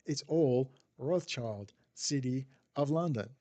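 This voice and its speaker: A man's voice: mid-range voice, takes it slowly, warm tone. A man hosting a casual livestream, rambling off the cuff, swearing freely and answering viewer chat as he goes. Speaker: livestream host.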